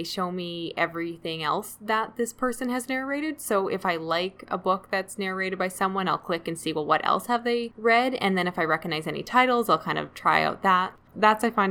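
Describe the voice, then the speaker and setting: Bright-voiced woman chatting about books. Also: on the low side. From Canada. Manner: chatty, self-deprecating, laughs often. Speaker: podcast co-host. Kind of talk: casual book chat.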